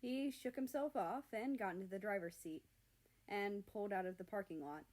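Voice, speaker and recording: A woman reading a fan fiction story aloud in an earnest, expressive narration. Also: medium pitch, normal speed.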